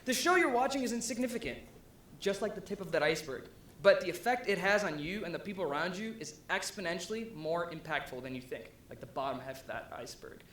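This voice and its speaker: Young guy, pretty high voice, chatty presentation talk full of ums and likes, roomy echo. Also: lively intonation, fast, fairly bright tone. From USA (Ohio). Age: young adult. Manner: conversational, with frequent ums and likes and rising asides. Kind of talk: casual live presentation talk. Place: event venue before an audience. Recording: echoey room with faint rumble.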